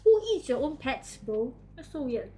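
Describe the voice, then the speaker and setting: A woman's voice: high-pitched, big pitch swings, normal speed, dark tone, slight background noise. A woman chatting casually as a streamer, giggly and chatty with loose grammar. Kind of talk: casual reaction chat.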